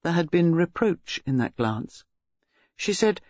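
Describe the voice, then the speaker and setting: A man reading narration for an audiobook in a measured, expressive manner. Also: on the high side, no echo. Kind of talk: scripted narration. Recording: dull lo-fi recording.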